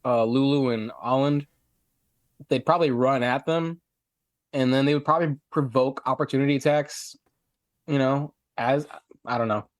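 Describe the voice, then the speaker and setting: A man's voice: mid-range voice, normal speed, pauses often, no echo. A man playing a tabletop game, thinking aloud hesitantly with lots of "like" and "you know". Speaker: player. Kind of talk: casual tabletop game talk.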